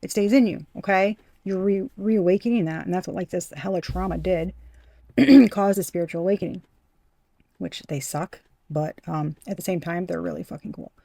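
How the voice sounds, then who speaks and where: Mellow-voiced, profane woman tarot reader. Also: lowish voice, normal speed, creaky, no room sound. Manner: blunt and profane, repeats phrases for emphasis; talks straight to the viewer as "you". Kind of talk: casual spoken tarot reading.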